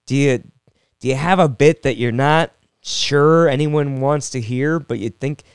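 Comedian host, man, young adult; smooth, clean voice with a dry, close sound; rambling and jokey. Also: medium pitch, measured pace, no room sound. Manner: rambling, self-deprecating, jokey with frequent restarts. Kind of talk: casual solo podcast monologue.

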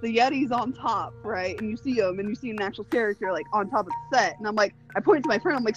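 A woman co-hosting a casual podcast, telling an excitable story and acting out her own reactions. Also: mid-range voice, fast, hardly any pauses, over music, poor audio. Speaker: podcast co-host.

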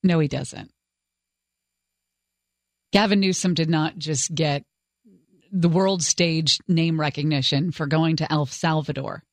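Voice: medium pitch, steady tone, slow pace, pauses often, no room sound, clean studio sound. A talk radio co-host giving wry, exasperated commentary and reading show teasers. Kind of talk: casual talk radio banter. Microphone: studio microphone.

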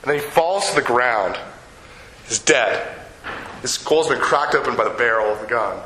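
Bright-voiced older man preaching in an echoey room. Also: medium pitch, a little hiss or hum. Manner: storytelling, slows down for emphasis, asks the audience questions. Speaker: pastor. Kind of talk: sermon.

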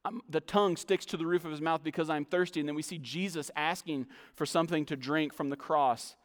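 A man delivers a sermon in a somewhat high voice, reading scripture aloud and then explaining it. His voice carries a long reverb, as if spoken in a large hall. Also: brisk. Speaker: pastor.

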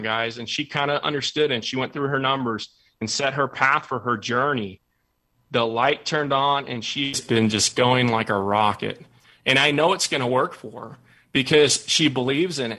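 Male motivational talk host, bright tone, emphatic storyteller. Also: medium pitch. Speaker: podcast host.

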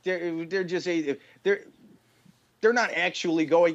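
A man's voice: high voice, steady tone, measured pace, no room sound, muffled recording. Blunt, profane young man on a podcast. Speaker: podcast co-host. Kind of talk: casual chat.

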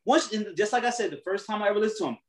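A man co-hosting a casual podcast, with a voice set well above the usual male pitch. He tells stories with gusto, acting out both sides of the exchanges he describes. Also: very fast, rough recording. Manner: storytelling, acts out quoted exchanges, laughs often. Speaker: podcast co-host. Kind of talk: casual chat.

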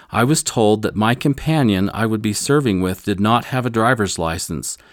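A man's voice: lowish voice, dry recording, clean studio sound. An older man teaching scripture, telling a personal story in an earnest, solemn way.

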